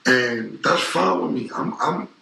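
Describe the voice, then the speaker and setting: A man's voice: a little high, animated, unhurried, gravelly, bright, forceful tone. A man in his forties talking in a casual interview, emphatic and repetitive, with a profane street way of speaking. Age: 40s. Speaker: interview guest. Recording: roomy echo.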